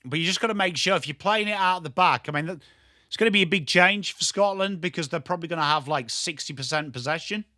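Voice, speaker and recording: A man with a strong Yorkshire accent giving live football watchalong commentary, excitable and sweary, chatting to viewers by name. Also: a little high, fast talker, no room sound, studio quality. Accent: Yorkshire English. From Yorkshire, England. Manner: excitable, sweary banter addressed to chat viewers. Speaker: watchalong streamer.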